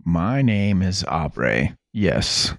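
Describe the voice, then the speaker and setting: A man voicing a composed, evasive male leader of a secret order in a tabletop game, in a smooth, guarded way. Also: deep voice, very animated, drawn-out words, no echo, full character voice.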